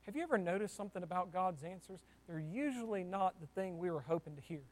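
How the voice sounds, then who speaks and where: A man's voice: high voice, animated, fast, big-room sound. A man teaching a Bible class in a conversational way, often asking his listeners rhetorical questions.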